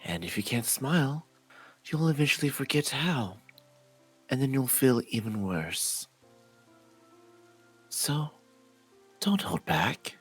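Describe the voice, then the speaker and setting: A woman voicing a gentle, courtly young man who speaks softly and formally to comfort someone. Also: rumbling low, big pitch swings, slow, long pauses, breathy edge, soft background music, pitched below the performer's own voice, heavily acted. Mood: soothing. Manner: formal, soft-spoken and reassuring. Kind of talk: voicing a visual novel character on stream.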